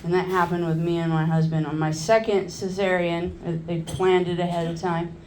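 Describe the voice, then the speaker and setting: A woman's voice: lowish voice, little pitch movement, moderate pace, darkish tone, echoey room, a little hiss or hum. A woman in her forties doing a crude stand-up comedy set, telling loose stories and working the crowd from a club stage.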